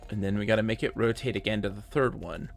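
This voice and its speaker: A man's voice: on the low side, steady tone, fast, gravelly, over music. A man commenting live on his gameplay, thinking aloud and chatting with a fellow player. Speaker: game streamer.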